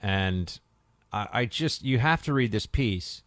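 A man's voice: on the low side, measured pace, dry recording. Sarcastic male talk radio host. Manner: sarcastic, indignant, punchy delivery. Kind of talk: political talk radio monologue.

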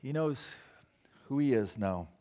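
A man preaching a sermon, telling a story with dramatic swings between loud bursts and hushed moments. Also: medium pitch, animated, a little slow. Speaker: pastor.

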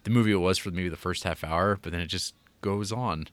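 A man's voice: sits low, brisk, no echo. A man co-hosting a podcast in casual chat, laid-back and hesitant with a dismissive edge. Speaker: podcast co-host.

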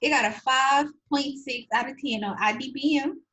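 A woman's voice: high voice, moderate pace, sharp tone. A woman in casual chat who teases and questions her co-host. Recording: dull lo-fi sound.

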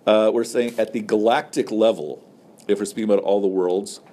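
In a casual, joking manner, a man with a lower voice teaches his class, tossing questions to students and using lots of fillers like "so" and "like." A faint hiss sits beneath the recording.

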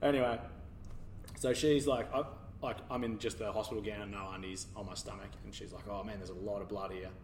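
Man, low voice, animated storyteller, distant mic, echoey room with faint hiss. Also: fairly quick. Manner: animated, laughing while telling a mishap story. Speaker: podcast guest. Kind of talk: casual storytelling. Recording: roomy, distant, faint background noise.

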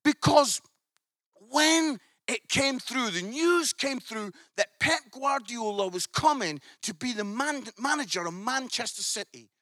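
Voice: mid-range voice, animated, measured pace, pushed and bright, dry recording, clean studio sound. A preacher telling a story in a sermon, swelling into emphatic outbursts.

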